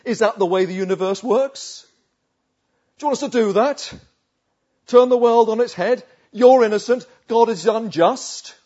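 A man voicing an indignant, self-righteous male accuser who mocks and shouts down a suffering friend. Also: high voice, highs cut off, pitched above the performer's own voice. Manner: mocking, rising to loud outrage.

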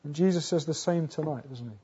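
Husky-voiced man preaching a sermon. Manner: earnest, building to loud emphatic peaks, then dropping low; halting restarts and rhetorical questions. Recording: dull lo-fi sound.

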